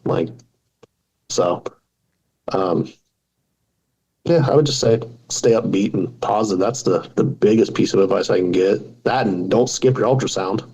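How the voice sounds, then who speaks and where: Husky low-voiced man, joking and casual. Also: unhurried, long pauses, warm tone, rough recording. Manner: joking, self-deprecating storyteller. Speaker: podcast guest. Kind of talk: casual interview talk.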